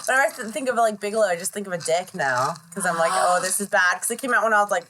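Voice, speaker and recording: A woman's voice: mid-range voice, very fast, background noise. Chatty woman podcast co-host. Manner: chatty storyteller, loose and informal. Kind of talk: casual chat.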